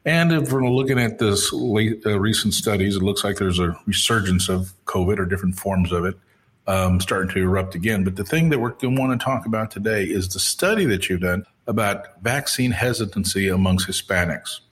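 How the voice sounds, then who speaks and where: Guy hosting an interview, bit low voice, chatty, jokes around. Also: fairly quick. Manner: chatty, joking. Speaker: interview host. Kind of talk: podcast interview.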